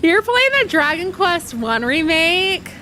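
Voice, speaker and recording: A woman's voice: extremely high pitch, very animated, slow, bright, forceful tone, slight background noise. A woman streaming a game, chatting casually in a playful, giggly way. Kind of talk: casual gameplay chat.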